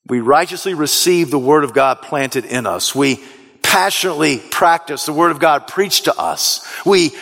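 A man preaching a sermon as pastor, swinging from soft, low asides to shouted, rising appeals. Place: church sanctuary. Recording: long reverb of a large hall.

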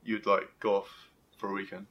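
Young male co-host, lowish voice, short casual interjections. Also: level tone, moderate pace, dull audio, slight background noise. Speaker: podcast co-host. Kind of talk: casual chat.

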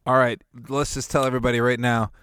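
Man, podcast co-host, playful, jokey, mid-pitched, dry recording. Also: little pitch movement, fast, a bit bright, clear, resonant tone, dry recording. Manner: playful, joking. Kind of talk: casual chat.

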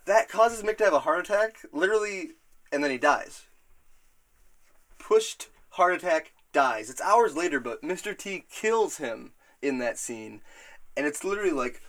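A man hosting a casual podcast, retelling scenes in a rambling, profane, animated way. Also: a little high, moderate pace. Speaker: podcast host.

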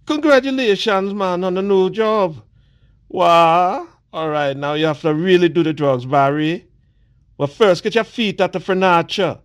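A man recording a playful video shout-out in a put-on Jamaican patois accent, teasing and laughing. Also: high-pitched, clear, resonant tone, no echo, clean studio sound. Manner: laughing, teasing, drawn-out exclamations. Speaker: celebrity recording paid video greetings.

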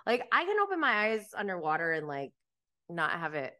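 Her pitch swoops wildly over a lowish, bright, forceful voice, and she talks a little fast. As a podcast host she chats casually and with animation about reality TV, laughing often and saying "like" a lot.

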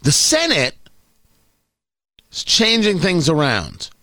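A man's voice: a little high, wildly swooping pitch, takes it slowly, pushed and bright, no echo. A male talk radio host giving commentary in a sarcastic, mocking, exasperated way.

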